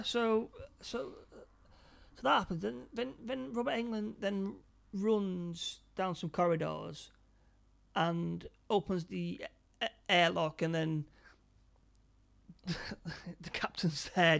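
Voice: medium pitch, steady tone, slow pace, gravelly. A speaker casually retelling a film's plot scene by scene, stumbling over and repeating words. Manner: stammering, repeats words often.

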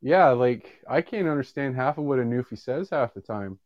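A man's voice: medium pitch, animated, normal speed, dry recording, highs cut off. A man from Canada chatting on a podcast, blunt and profane. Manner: blunt, profane, laughs easily. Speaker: podcast guest. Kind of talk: casual chat.

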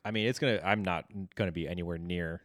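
A man's voice: sits low, fast, a bit bright, dry recording, clean studio sound. A young man co-hosting a casual podcast chat, swearing and telling stories with acted quotes. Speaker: podcast co-host.

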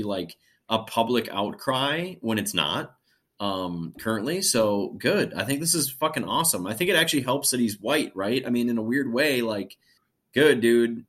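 A man chatting casually on a sports podcast in a husky voice with a lively pitch. He swears freely and laughs often, and he gets openly excited about what he likes. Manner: animated, profane, laughs a lot. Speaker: podcast co-host. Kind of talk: casual chat.

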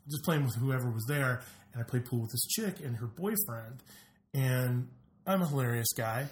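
A man's voice: mid-range voice, fairly bright tone. A man chatting casually as a guest, telling a rambling story full of fillers and easy laughs. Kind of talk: casual chat.

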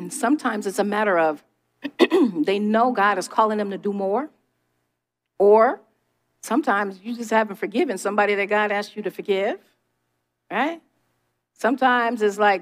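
A middle-aged woman delivers a conversational sermon. Her voice sits at an ordinary pitch, and she talks straight to her listeners in an emphatic, testifying way. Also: normal speed, pauses often. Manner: emphatic, testifying, speaks to the audience directly. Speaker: preacher.

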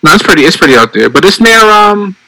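A man's voice: high voice, big pitch swings, quick pace, bright, forceful tone, low-quality recording. A man from Boston in casual podcast chat, explaining local geography and laughing easily. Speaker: podcast co-host.

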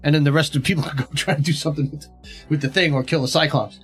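A man's voice: on the high side, steady tone, rapid-fire, faint music behind. A man playing a tabletop game, talking hesitantly with lots of "like" and "sort of". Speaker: player.

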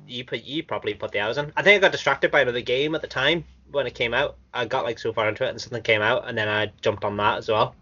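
A man co-hosting a casual gaming podcast. He is chatty and excitable, and laughs often. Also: medium pitch, fast, hardly any pauses. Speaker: podcast co-host. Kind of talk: casual chat. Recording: dull lo-fi recording.

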